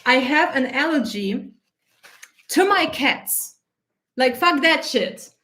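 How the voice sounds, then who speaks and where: High-voiced, foul-mouthed woman coach. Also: slow pace. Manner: blunt, heavily profane, animated. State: teary eyes from allergy. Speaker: self-concept coach. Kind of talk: casual spoken monologue.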